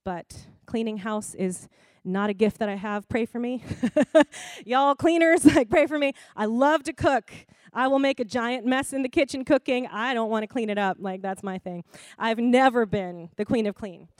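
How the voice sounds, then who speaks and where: A woman preaching a sermon in a conversational, expressive way, laughing often. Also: fairly high pitch, normal speed, no echo.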